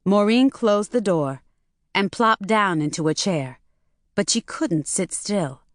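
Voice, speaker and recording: A woman narrates an audiobook in a steady, measured storytelling style. Her mid-range voice is recorded in studio quality with no room sound, as scripted narration.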